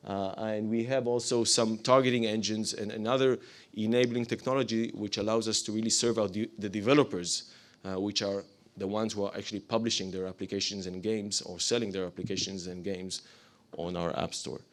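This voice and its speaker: Brief: man with a lowish voice, halting startup pitch, lots of "uh", apologizes as he goes. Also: fairly even intonation. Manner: hesitant, many fillers, apologetic asides. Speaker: startup presenter. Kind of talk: business pitch to a live audience.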